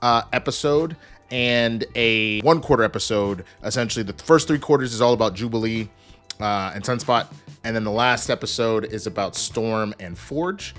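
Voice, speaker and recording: A man in his thirties giving an energetic, joking casual spoiler review, swearing and acting out characters. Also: fairly low pitch, normal speed, faint music behind. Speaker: show reviewer.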